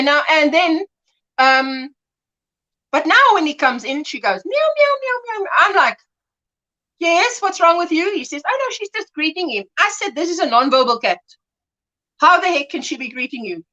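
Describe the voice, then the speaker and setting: A woman's voice: sits high, big pitch swings, moderate pace, bright, forceful tone, lo-fi sound. A middle-aged woman hosting a casual livestream, chatting in a rambling way, laughing often, greeting viewers and acting out little scenes. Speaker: livestream host.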